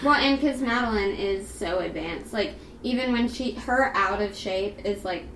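A young woman co-hosts a podcast, rambling and laughing through casual chat and saying "like" a lot. Her voice is medium-pitched and fairly bright, at a moderate pace. The recording sounds roomy, with faint background noise.

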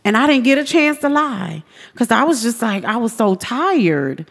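A woman's voice: on the high side, sing-song, moderate pace, vocal fry. A woman, a podcast guest telling her personal story earnestly and acting out the voices of people in it. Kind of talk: personal testimony in a podcast interview. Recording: long hall reverb.

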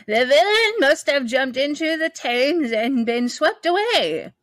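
A woman's voice: sits high, sing-song, measured pace, no room sound, pitched above the performer's own voice. A woman voicing a whining, white-haired old male magician who demands answers. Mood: indignant.

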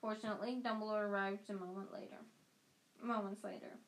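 A woman's voice: medium pitch, fairly even intonation, a little fast, a little hiss or hum, rough recording. A woman reading a novel aloud in an unpolished way, often stumbling and starting a phrase over. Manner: unpolished, frequent restarts. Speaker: audiobook reader.

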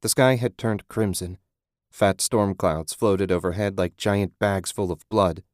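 A man reading a horror audiobook in a measured, grim, descriptive narration. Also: low voice, steady tone, a little mellow, dry recording, studio quality.

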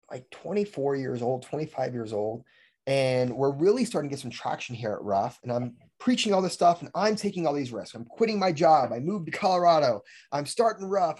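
A man's voice: fairly high pitch, husky. A man in his twenties hosting a podcast as a fitness coach, telling stories with lots of "like" and laughter. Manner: energetic storyteller, fillers of "like", laughs often. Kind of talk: casual podcast chat.

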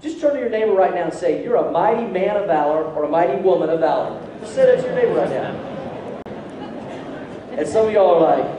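A man's voice: sits high, lively intonation, quick pace. A man preaching a sermon as a pastor, joking and acting out the voices of the people in his story. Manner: jokey, acts out voices of the figures. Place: church sanctuary. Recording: echoey hall from far off, faint noise.

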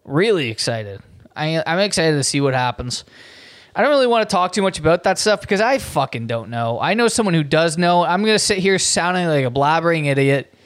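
A man's voice: a little high, sing-song, quick pace, hardly any pauses. A man hosting a comedy show, delivering a profane, incredulous rant with frequent stumbles and restarts. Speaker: podcast host.

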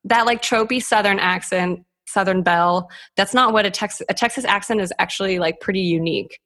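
A young woman chatting casually as a podcast co-host, her voice at an ordinary middle pitch. She talks in a loose, chatty way, full of fillers and quick laughs. The sound comes over a video call. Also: fairly bright tone. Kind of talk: casual chat.

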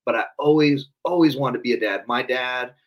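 An earnest man answers an interview question in a candid, reflective way. He often breaks off and restarts his sentences. His voice sits at an ordinary middle pitch. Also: a little fast, rough recording.

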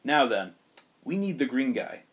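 A man doing a gruff adult mutant fighter, grim and hard. He speaks low and quiet with clipped menace, as in a retold comic story. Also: big pitch swings, measured pace.

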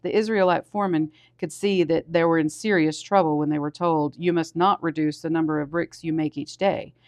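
A man, a pastor, reading scripture aloud steadily with small restarts, and getting louder on the commands. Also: fairly high pitch, fairly even intonation, a little fast, dry recording, studio quality.

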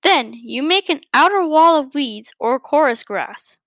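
A woman's voice: high-pitched, lively intonation, a little slow, a bit bright, dry recording. A woman doing Maggie the fussy magpie teacher. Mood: instructive. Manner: patient but strained, explaining step by step. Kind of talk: storybook reading.

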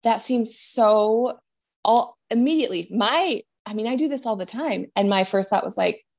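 A woman giving a spiritual medium reading in a gentle, reassuring way, often trailing off and restarting her sentences. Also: on the high side, moderate pace.

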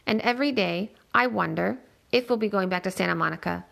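A woman reading a novel aloud in a steady, plain storytelling manner. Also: medium pitch, a little fast, vocal fry. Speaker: reader.

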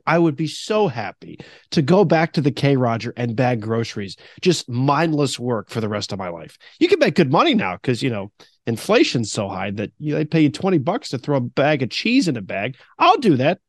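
A man's voice: medium pitch, big pitch swings, a little fast, no room sound, clean studio sound. A man in his thirties co-hosting a podcast, telling rambling stories in casual chat and laughing often. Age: 30s. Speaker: podcast co-host.

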